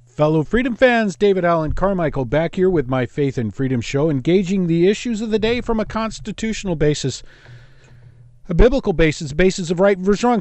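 A man's voice: sits high, animated, moderate pace, a little mellow, dry recording, faint music behind. A man from East Los Angeles hosting a call-in talk radio show, rambling and jumping between topics.

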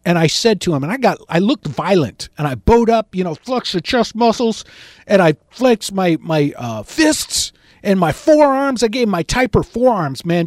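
A middle-aged man delivers a storytelling sermon in a bright, high voice that swoops up and down. He recounts his tale with animated energy, booming out the quoted lines, and the recording is close and dry.

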